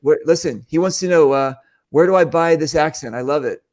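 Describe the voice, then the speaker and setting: An excitable man from the United States, chatty as he hosts a live stream and reads out viewer greetings. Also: on the high side, a little fast. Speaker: show host. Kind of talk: casual live-stream chat.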